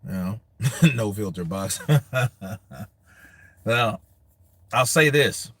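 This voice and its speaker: A man's voice: on the low side, animated, extremely slow, sharp tone, no echo. Crude, laughing American guy chatting boxing. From United States. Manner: laughing often, loose and crude, talks to the chat. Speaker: boxing show host reading viewer comments. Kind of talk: casual profane chat.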